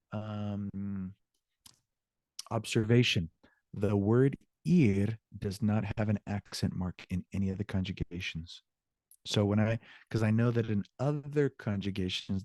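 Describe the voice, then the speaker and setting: A man teaching an evening language class, explaining grammar slowly and repeating each example. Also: lowish voice, a little mellow, dry recording. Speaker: Spanish teacher. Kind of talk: online class lecture.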